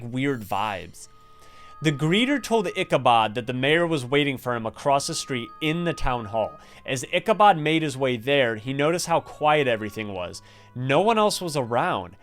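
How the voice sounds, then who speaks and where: Excitable young man with a smooth voice. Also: mid-range voice, normal speed, soft background music. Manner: excitable, chatty, drops to hushed tones when spooked. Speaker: gaming YouTuber. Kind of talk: gameplay commentary and story reading.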